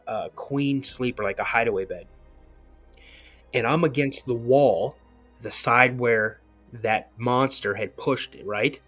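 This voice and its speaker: A man of ordinary pitch tells a personal encounter story as a podcast guest. He rambles, circling back with "you know" and restarting sentences as he goes. Faint music sits underneath his voice. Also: a bit bright.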